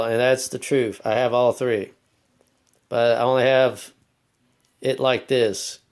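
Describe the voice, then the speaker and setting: A man hosting his own vlog, talking in a rambling, halting way, often stopping to correct himself and apologize, and sometimes calling himself by his nickname in the third person. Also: medium pitch, a little mellow, smooth. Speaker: channel host. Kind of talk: casual vlog monologue.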